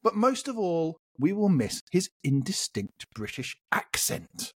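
A man from the United Kingdom hosting a podcast quiz with animated, teasing, casual banter. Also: on the high side, unhurried, husky, no echo. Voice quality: animated, teasing, swears freely. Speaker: quizmaster and podcast host. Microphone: podcast microphone.

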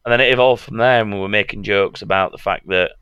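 A man chats wryly on a podcast and laughs often. His voice is bright and smooth, a little low for a man. It is recorded close and dry. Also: fast talker, no room sound, dull audio. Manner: laid-back, wry, laughs often. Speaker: podcast co-host. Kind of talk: casual podcast banter.

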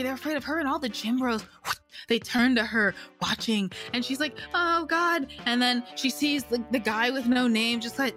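A woman's voice: sits high, fairly bright tone. A woman casually narrating a role-playing scene, sarcastic, profane and rambling. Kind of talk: casual comedic game narration.

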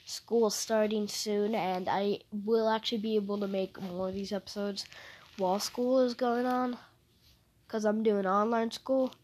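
A woman's voice: mid-range voice, flat delivery, moderate pace, few pauses, a little mellow, slight background noise. A young woman hosting a casual solo podcast, rambling and hesitant, often trailing off mid-thought. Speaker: podcast host.

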